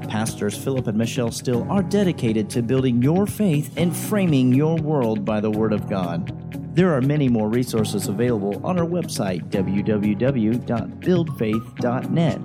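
A man reads a scripted program announcement at an average pitch, keeping a steady, measured delivery. Guitar music plays clearly beneath his voice throughout. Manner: measured, slows down to spell out a web address.

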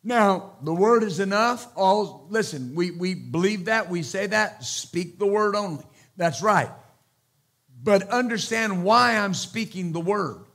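A man with a notably high voice preaches a sermon from the pulpit. He drives his points home through repetition and sudden loud exclamations, with a firm, emphatic delivery. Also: expressive, unhurried, creaky. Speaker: pastor.

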